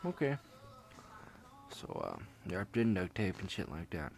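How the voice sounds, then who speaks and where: A man's voice: sits low, wildly swooping pitch, unhurried, gravelly. A young man casually telling a personal story, rambling and swearing with lots of fillers. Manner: rambling, profane, laid-back with many fillers. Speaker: vlogger.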